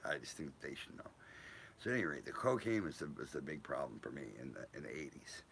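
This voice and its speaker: A man's voice: a bass voice, very animated, fast talker, gravelly, a bit bright, slight background noise. A man in his fifties from Newport, telling rambling personal stories full of profanity and tangents.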